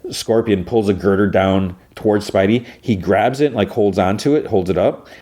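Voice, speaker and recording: A man's voice: fairly low pitch, normal speed, mellow. A man hosting a podcast, casually recapping an episode in a rambling way with lots of fillers. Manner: rambling, full of fillers and restarts. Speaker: podcast host.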